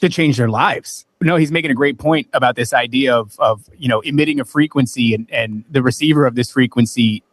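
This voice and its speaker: Chatty slangy man, middle pitch. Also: fairly quick, few pauses, dry recording. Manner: loose and chatty, slangy, says "dude". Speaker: podcast guest. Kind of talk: casual podcast chat.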